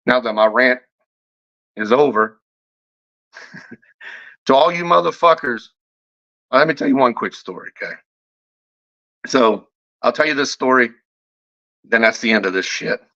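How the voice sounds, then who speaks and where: A man's voice: medium pitch, a little slow, pauses often, sharp tone. A man who reviews fragrances, ranting in a casual vlog. He is combative and swears constantly, and he stumbles over repeated words when heated. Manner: profane, combative, heavy swearing. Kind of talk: off-the-cuff vlog rant. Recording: dull lo-fi audio.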